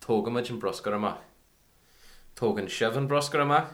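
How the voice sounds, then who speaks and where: A man of ordinary pitch teaches a scripted language lesson. He speaks clearly and carefully, saying each example twice so learners can follow. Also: a little fast, fairly bright tone.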